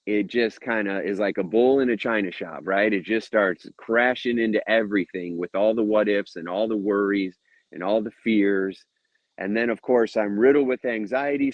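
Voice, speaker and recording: A man's voice: on the low side, no echo. A middle-aged man, a hypnotherapist and coach, talking casually and often checking in with "right?" between thoughts. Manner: conversational, frequent "right?" tag questions and filler "uh". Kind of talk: casual motivational talk. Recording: dull, muffled dry recording.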